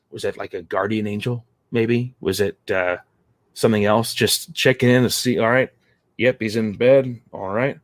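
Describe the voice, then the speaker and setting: A man in casual podcast chat, telling a story haltingly with many fillers. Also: fairly low pitch, no echo.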